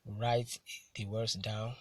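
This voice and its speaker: A man teaching a recorded lesson, speaking slowly and deliberately, repeating key words and spelling out letters. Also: on the low side, little pitch movement.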